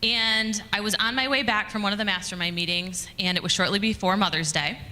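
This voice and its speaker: Speaking at a conference, this communications director has a medium-pitched voice with a steady, sharp tone and a brisk pace. She tells her story to the audience casually, with fillers and restarts, and the recording carries the reverberation of the conference hall.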